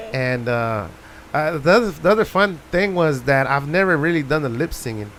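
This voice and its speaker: A Texan man with a bright, forceful voice, pitched a little high for a man, spins a lively story on the radio. He imitates everyone he talks about and switches into Spanish now and then. A faint hum sits under his voice. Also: normal speed. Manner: animated storyteller, mimics people, mixes in Spanish phrases. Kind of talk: casual storytelling chat. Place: radio studio.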